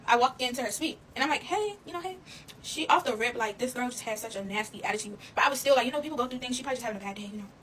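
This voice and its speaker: Fast-talking woman telling a storytime. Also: on the high side, a little hiss or hum, poor audio. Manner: fast, animated, addresses listeners as y'all, swears freely. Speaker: storyteller vlogger. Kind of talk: casual storytime monologue.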